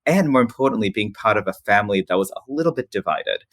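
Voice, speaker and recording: A man in his forties from the Philippines, a podcast guest telling personal stories in a lively, restart-filled way with frequent laughs. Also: fairly low pitch, fast talker, dry recording. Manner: animated, laughs often, many restarts. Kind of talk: casual storytelling interview.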